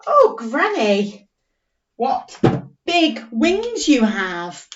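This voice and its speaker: A woman voicing an excited male squirrel in a read-aloud story, with high, drawn-out exclamations. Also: reverberant, highs cut off, slight background noise, exaggerated voice. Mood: exclaiming.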